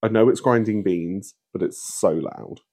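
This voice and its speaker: A man's voice: lowish voice, normal speed, mellow, slightly rough. A man co-hosting a podcast, chatting casually with a wry, mock-indignant manner. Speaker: podcast co-host. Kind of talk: casual chat.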